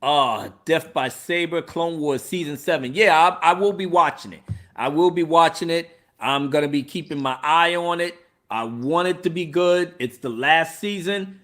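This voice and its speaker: A man hosting a live stream in casual chat, animated and laughing, using street slang. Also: a little high, moderate pace. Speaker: livestream host.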